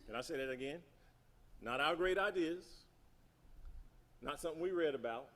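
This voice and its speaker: A man's voice: fairly high pitch, lively intonation, normal speed, a bit bright. Emphatic man teaching on church projects. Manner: emphatic, repeats key points and asks the audience questions. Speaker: speaker at a seminary symposium.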